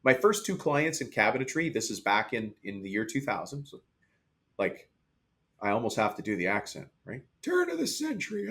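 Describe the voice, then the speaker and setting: A man's voice: mid-range voice, a bit bright. A man speaking as a podcast guest, a business coach for the trades, talking candidly and telling stories in conversational interview style. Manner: candid, storytelling, mimics others in quotes.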